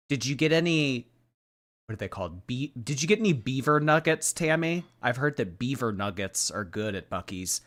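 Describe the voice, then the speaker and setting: A man's voice: medium pitch, animated, normal speed, fairly bright tone. A man hosting a live stream, reacting to a clip with mocking, chatty commentary and reading out viewer messages.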